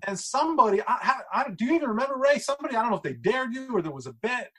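A man's voice: extremely high pitch, very animated, racing, sharp tone, slightly rough, poor audio. A man co-hosting a casual chat, telling a rambling story and eagerly questioning the guest. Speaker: co-host.

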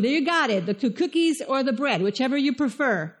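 Woman pastor with a Spanish accent, high voice, chatty and lively sermon delivery. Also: a little fast. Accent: Spanish-accented English. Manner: conversational and animated, asks the listeners questions.

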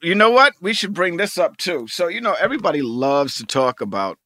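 A man chatting in a casual talk show, excitable and jokey. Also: high-pitched, fairly quick, no echo, studio quality. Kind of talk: casual chat.

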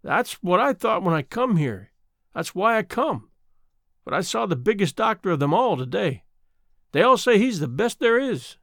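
A woman's voice: mid-range voice, very animated, moderate pace, no echo. A man voicing a timid old countrywoman who is going blind, with rustic folksy speech, tremulous and close to tears. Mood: grieving. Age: older.

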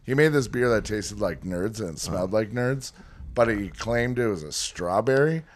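A man's voice: fairly low pitch, lively intonation, moderate pace. A man co-hosting a podcast, casually telling a rambling story with lots of swearing and laughter. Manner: storytelling, swearing, laughing through his anecdotes. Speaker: podcast co-host. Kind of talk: casual chat.

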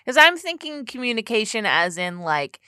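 A woman co-hosting a podcast in casual chat, playful and quick to laugh, with jokey asides. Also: fairly high pitch, very animated, bright, forceful tone, smooth, no room sound, studio quality. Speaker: podcast co-host.

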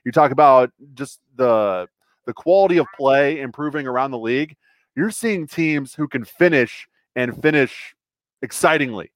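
A man co-hosting a soccer podcast, recorded close on the mic in a dry space with no room echo. He speaks at a middle pitch. He talks in a halting, hesitant way. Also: expressive. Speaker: podcast co-host. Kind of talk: casual soccer chat.

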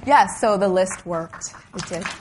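A middle-aged woman as an interview guest, telling animated stories with frequent laughs. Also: medium pitch, unhurried, over a noisy crowd, heavy background noise. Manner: animated, storytelling with laughs and exclamations. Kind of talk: conversational interview.

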